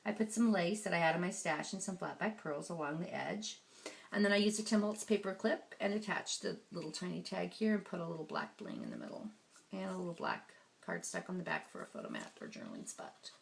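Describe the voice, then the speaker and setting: A woman crafter giving a casual show-and-tell of her handmade scrapbook album, chatty and relaxed, with frequent ums as she turns the pages. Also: on the low side, brisk, gravelly.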